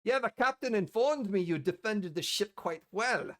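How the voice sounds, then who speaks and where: A man voicing a hearty female dwarf boss in a tabletop game, loud and bossy with a raised, lively voice. She herds people along impatiently. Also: high-pitched, moderate pace. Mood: businesslike.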